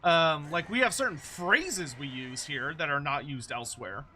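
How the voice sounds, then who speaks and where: A man from Texas with a plain General American accent, chatting casually with his live-stream viewers. His voice sits high and sounds very bright and sharp. He rambles, restarts his sentences and laughs often. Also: moderate pace, slight background noise. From Texas, United States. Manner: laughs easily. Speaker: livestream host.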